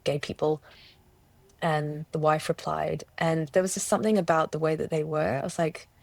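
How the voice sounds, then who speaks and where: Woman guest, low-pitched, earnest personal testimony, dry booth sound. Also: little pitch movement, normal speed, vocal fry, darkish tone, no room sound. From Australia. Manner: earnest, searching, with many restarts and self-quotes. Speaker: interview guest.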